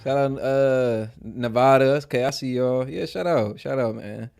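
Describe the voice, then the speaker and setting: A man from Ohio with an Ohio accent co-hosting a casual livestream, hyping viewers with shout-outs and filling his talk with "man". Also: medium pitch, moderate pace, vocal fry, clean tone. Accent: American Midwest, Ohio. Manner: hypes viewers, frequent shout-outs, says "man" a lot. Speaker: livestream co-host.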